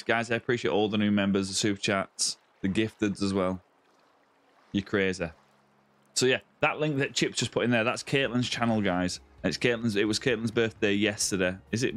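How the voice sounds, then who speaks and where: A man's voice: lowish voice, normal speed, a bit bright. A young man on a live game stream, chatting casually and greeting viewers by name as mate and buddy.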